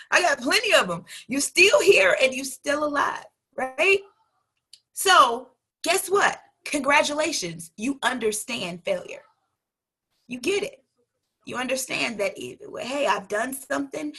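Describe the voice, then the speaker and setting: Woman motivational coach, bright and husky, emphatic preacher-style delivery. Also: on the high side. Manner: emphatic, preacher-like, rhetorical questions to listeners. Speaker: life coach. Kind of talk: motivational talk.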